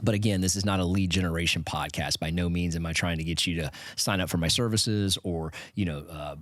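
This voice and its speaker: A man with a low, deep voice hosts an educational finance podcast in a loose, conversational way, restarting sentences now and then. He sounds close to the mic in a dry, dead room. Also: fairly quick, a bit bright, dry recording. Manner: conversational, stumbles and restarts, chuckles at points. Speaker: podcast host. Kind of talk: casual educational monologue.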